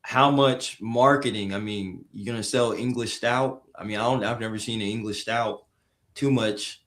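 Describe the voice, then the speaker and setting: A man rambling on a podcast panel, pausing often on "um" as he works his points out. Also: fairly low pitch, fairly even intonation, a bit bright. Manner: rambling, frequent "um". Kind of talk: casual sports chat. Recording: roomy echo.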